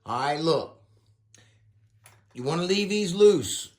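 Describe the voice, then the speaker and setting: A man's voice: a little high, lively intonation, slow. A man hosting a casual build tutorial, folksy and playful, with bursts of exclamation. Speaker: RC car builder, channel host.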